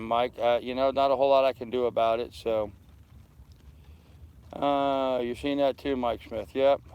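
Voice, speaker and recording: A man's voice: fairly high pitch, a little mellow, clear, resonant tone. An older man on a live stream from his anchored sailboat, talking to viewers through a handheld phone and answering their comments one by one. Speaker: sailing vlogger. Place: aboard a small anchored sailboat outdoors. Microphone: phone held in hand.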